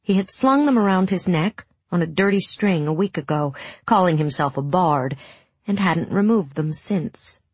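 A woman reading a story aloud in measured, dramatic audiobook narration. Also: on the low side, animated, breathy edge, no room sound.

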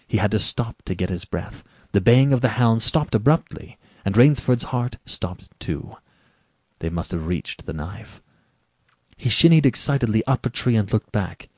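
A man narrating a story aloud in a measured, dramatic reading with varied delivery. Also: on the low side, lively intonation, darkish tone, no echo.

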